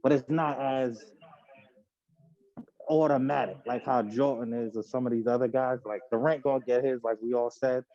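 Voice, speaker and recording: A man co-hosting a podcast, giving his take on basketball in a measured, casual way, often checking in with "right?". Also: fairly even intonation, dark tone, no echo. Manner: measured, hedging with "right?" and "you know". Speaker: podcast co-host. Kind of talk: casual sports debate. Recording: dull low-fi home podcast audio.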